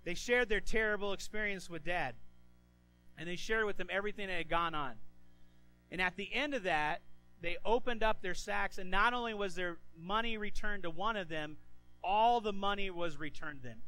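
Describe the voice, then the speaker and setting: A man preaching a sermon as pastor, animated and given to stammering restarts, who acts out the voices of people in the story. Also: high voice, normal speed, low-quality recording.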